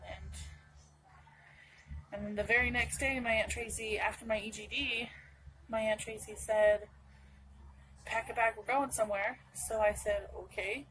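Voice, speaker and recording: A woman's voice: mid-range voice, fairly bright tone, a little hiss or hum, poor audio. A young woman from Northern California telling a personal story to camera in a rambling way, full of restarts and asides. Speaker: vlogger.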